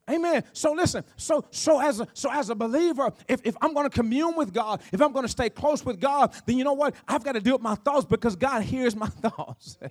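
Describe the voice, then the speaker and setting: High-voiced preacher man. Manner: preaching with call-outs and repetitions. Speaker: pastor. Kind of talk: sermon.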